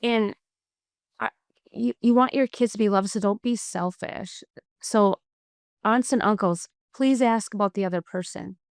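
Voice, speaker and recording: A middle-aged woman speaks earnestly in a casual faith-based chat, telling stories with animation and plenty of "um." Her voice sits at a middle pitch and is smooth and clear. The recording is dry and close. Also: unhurried, no room sound. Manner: earnest, animated storytelling with "um" fillers. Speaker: podcast co-host.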